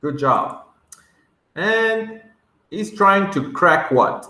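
A man leads a kindergarten vocabulary lesson, stretching each word and breaking it into sounds so small children can echo it back. His voice is raised in pitch, bright and bouncy, and he speaks at a very slow, deliberate pace. The sound rings in an echoey room. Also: lively intonation. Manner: drawn-out, sounding words out, coaxing children to repeat. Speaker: English teacher for young children.

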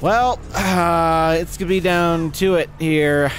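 A man giving live gameplay commentary as a channel host, excitable, swearing and yelling at the game. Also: on the high side, slow pace, a little hiss or hum. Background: game music and sounds.

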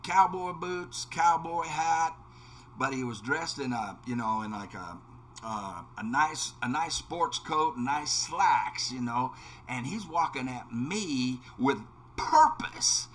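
A man's voice: medium pitch, animated, takes it slowly, fairly bright tone. A man hosting a game video, telling a casual anecdote with many restarts, fillers and repeated words. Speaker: let's play host. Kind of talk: casual anecdote told while gaming.

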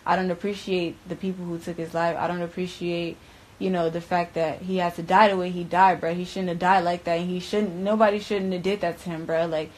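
A young adult woman from Broward County, Florida, shares a candid story as an interview guest, her lowish, darkish voice flat and a little fast over a rough recording. She swears and uses slang in bursts, saying "bruh" again and again.

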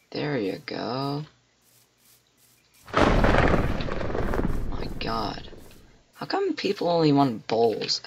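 Excitable man narrating his gameplay. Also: medium pitch, vocal fry, background noise. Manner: excitable, talks to himself with frequent exclamations. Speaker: gamer. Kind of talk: let's play commentary.

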